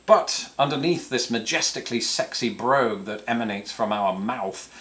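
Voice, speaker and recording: A British man in his thirties chats to camera in a casual Q&A, voice sitting at an ordinary middle pitch. He jokes in a dry, self-mocking way, slipping in puns. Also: normal speed, fairly bright tone. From England. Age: 30s. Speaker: YouTube host answering viewer questions.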